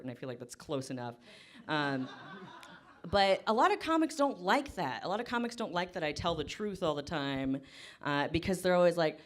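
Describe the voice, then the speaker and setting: A woman in her twenties doing live stand-up on a comedy stage. She rambles fast and pokes fun at herself, and her voice sits a little low for a woman. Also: a bit bright. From Kansas. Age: 20s. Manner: fast, rambling, self-deprecating.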